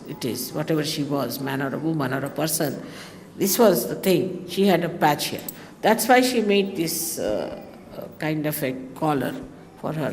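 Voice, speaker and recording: A woman's voice: deep voice, darkish tone, big-room sound, a little hiss or hum. A woman from India with an Indian accent, a spiritual teacher giving a chatty talk to her followers, full of anecdotes and wry asides. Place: large hotel hall.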